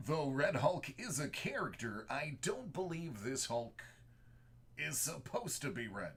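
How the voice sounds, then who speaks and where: Gravelly, lively man opening cards. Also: a little high, measured pace, slight background noise. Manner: jokey, chatty, laughs easily. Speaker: card-opening streamer. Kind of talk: casual live-stream chat.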